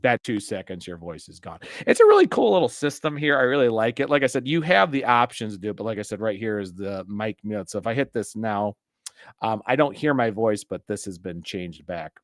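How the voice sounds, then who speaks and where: A man's voice: fairly low pitch, very animated, fairly quick, no room sound, studio quality. A man casually reviewing an audio mixer, rambling and chatty as he demonstrates it into a desk mic. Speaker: gear reviewer. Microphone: desk mic through a mixer.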